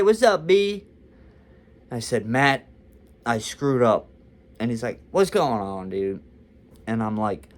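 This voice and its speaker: A young man vlogging a casual storytime, talking candidly and confessionally about his own experience. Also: fairly low pitch.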